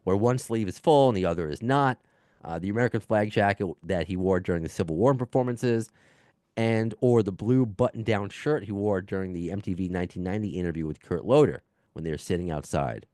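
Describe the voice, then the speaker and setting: Reading listener emails on his home podcast, a New York-accented man sounds low, brisk and warm, and a baby is audible in the background. His delivery is casual, rambling and self-deprecating, full of fillers and restarts, and the audio is dry and studio quality.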